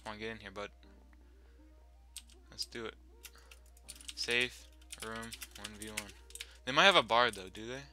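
A young man casually commenting over his own gameplay, swearing freely and breaking into loud yelling when things go wrong. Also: lowish voice, measured pace, pauses often, faint music behind. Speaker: gaming channel host.

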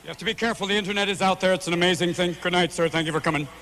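A manic stand-up comedian in his forties riffing before a big live crowd in a huge venue. His voice runs high and bright, and he keeps jumping into yelps and quick character voices. Faint noise sits under the recording. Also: steady tone. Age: 40s. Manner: manic, rapid-fire, constantly switching voices.

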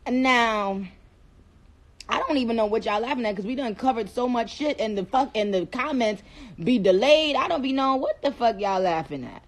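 A woman's voice: fairly high pitch, lively intonation, moderate pace. Sassy New woman on a livestream. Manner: playful, sassy, trash-talking, breaks into accents. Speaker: livestream host. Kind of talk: casual livestream chat. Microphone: phone.

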